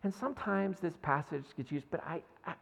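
A man's voice: on the high side, fairly quick, gravelly, fairly bright tone, big-room sound. A man preaching a sermon in a conversational way, often checking in with his listeners and reading scripture aloud. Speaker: pastor. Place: church sanctuary.

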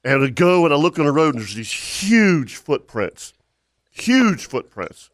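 A fairly high-voiced man hosting a casual fishing podcast, recorded close and dry. He rambles through stories, repeating words and laughing as he goes. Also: sing-song, a little slow, no room sound. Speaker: podcast host. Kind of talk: casual storytelling chat.

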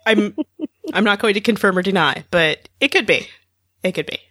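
A woman co-hosting a podcast, making measured, thoughtful remarks in casual chat. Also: mid-range voice, lively intonation, a bit bright, no room sound, studio quality. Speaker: podcast co-host.

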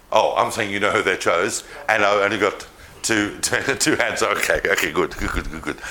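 Bright-voiced man lecturing animatedly. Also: on the low side. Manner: animated storytelling, addresses the audience. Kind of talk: history lecture to a live audience.

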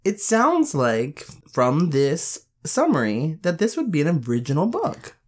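A woman co-hosting an audiobook review podcast, speaking in a deliberate, drawn-out way. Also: sits low, huge pitch swings, darkish tone. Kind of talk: casual chat.

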